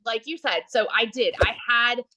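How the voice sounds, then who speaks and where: Bright, high-voiced excited woman. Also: moderate pace, dry recording. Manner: chatty, excited, talks straight to viewers. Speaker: guest sharing her story. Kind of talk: casual livestream interview.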